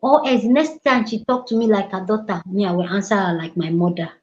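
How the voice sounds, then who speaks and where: A woman hosting a casual chat, telling lively stories and mimicking other people's voices. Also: mid-range voice, fairly quick, slight background noise. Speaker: host. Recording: roomy, slightly dull sound.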